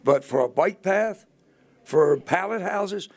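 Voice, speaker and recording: A man's voice: high voice, animated, slow. A middle-aged man talking as a guest on a local TV show, plainspoken and blunt, with hesitant fillers. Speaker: guest, auctioneer. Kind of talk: casual chat.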